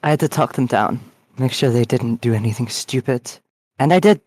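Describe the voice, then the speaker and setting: A man's voice: medium pitch, fairly quick, a little mellow, slightly rough, no echo. A man playing in a tabletop game, casual and swearing freely. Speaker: player. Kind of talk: tabletop game role-play chat.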